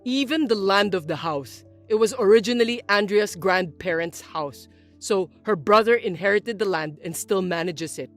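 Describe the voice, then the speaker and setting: A woman voicing a grown son and husband who speaks low and patiently, reasoning with his mother. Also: moderate pace, faint music behind, lightly acted. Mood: explaining. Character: calm grown son and husband, young man. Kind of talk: scripted story voice-acting.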